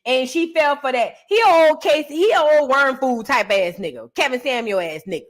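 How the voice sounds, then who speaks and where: A woman hosting a reaction show, commenting loudly and profanely, with lots of emphatic repetition. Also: high-pitched, expressive, normal speed.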